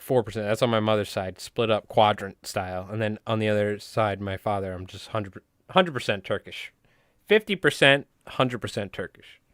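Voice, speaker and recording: A man from New York with a New York accent, hosting a casual livestream and rambling through jokes without a pause. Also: mid-range voice, fairly bright tone, no room sound, studio quality. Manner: rambling, joking, talks nonstop. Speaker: livestream host.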